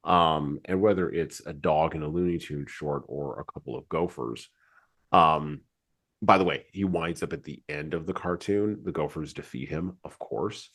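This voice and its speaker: Male podcast host: very low, husky, casual and digressive. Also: moderate pace, a bit bright. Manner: digressive, chatty, many asides.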